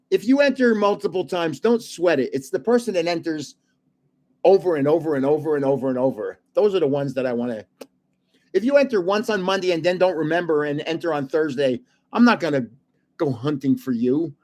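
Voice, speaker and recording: Late at night, an older livestream host running a card giveaway chats in a rambling, weary way, chuckling frequently and restarting sentences a lot. His voice is slightly high and a little mellow, with lively intonation at a normal pace.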